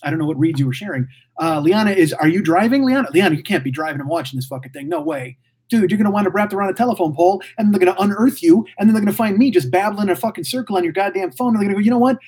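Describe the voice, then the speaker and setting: Very fast and high-pitched, his voice is darkish and slightly rough. He's a man in his forties on a casual livestream, reading the live chat aloud and rambling profanely, mouthy and quick to say things without thinking.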